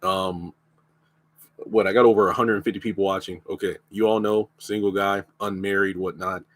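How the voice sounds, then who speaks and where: A man's voice: low-pitched, fairly even intonation, moderate pace, a bit bright, no room sound. A man with a lingering cough, bluntly reviewing a TV show in a casual live stream. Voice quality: blunt, opinionated.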